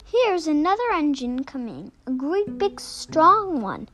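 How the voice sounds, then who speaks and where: A cheerful little toy clown, as a woman puts him on, bright and eager to help. High storybook voice calling out to the others. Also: sing-song, slow pace, full character voice. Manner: eager, encouraging.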